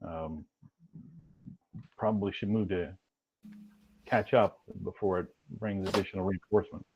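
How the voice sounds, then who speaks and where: A man's voice: deep voice, steady tone, measured pace, a little mellow, muffled recording, faint music behind. A man playing a tabletop game, explaining things patiently. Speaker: player. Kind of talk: casual game talk.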